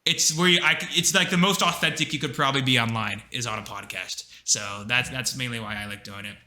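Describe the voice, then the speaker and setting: Bright-voiced young man in an echoey room. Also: medium pitch, brisk. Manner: rambling storyteller, lots of fillers. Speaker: podcast co-host. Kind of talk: casual chat. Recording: roomy echo.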